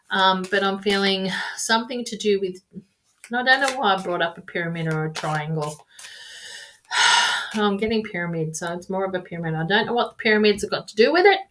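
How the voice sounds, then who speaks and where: A tarot reader with a mid-range, slightly bright voice gives live-streamed readings. She rambles and repeats herself affectionately, calling her viewers "darling" and "my loves."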